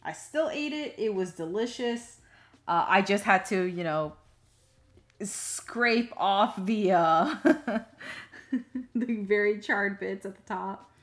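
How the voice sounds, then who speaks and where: A woman chatting casually on a live stream while she draws, rambling to herself with many fillers and soft muttered asides. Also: mid-range voice, lively intonation, takes it slowly. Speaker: streaming digital artist.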